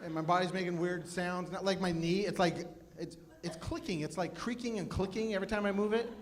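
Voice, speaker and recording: Fifty-year-old stand-up comic, higher voice. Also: male voice, fairly quick. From Phoenix, USA. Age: 50s. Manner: self-deprecating, chatty with the crowd. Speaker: stand-up comedian. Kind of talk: stand-up comedy set. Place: live comedy club with audience.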